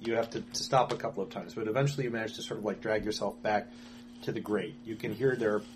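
A man narrating a tabletop game as game master, halting, with many fillers and restarts. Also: on the low side, fairly even intonation, noisy background.

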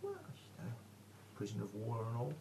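A man doing a hoarse, famished elf prisoner. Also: medium pitch, huge pitch swings, fairly quick. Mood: evasive. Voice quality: worn hoarse voice. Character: thin famished male elf prisoner, cheerful spy. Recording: noisy room recording.

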